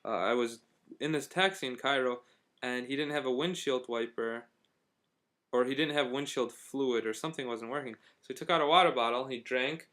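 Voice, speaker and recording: A man's voice: medium pitch, moderate pace, sharp tone. A young man from Syria telling a casual spoken travel diary, rambling and hesitant, with frequent fillers and restarts. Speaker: vlogger.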